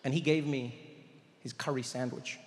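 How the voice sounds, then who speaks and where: A man from South Africa telling a stand-up story in an animated, playful way, stretching out his punchlines. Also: mid-range voice, normal speed. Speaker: stand-up comedian. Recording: echoey hall, faint audience ambience.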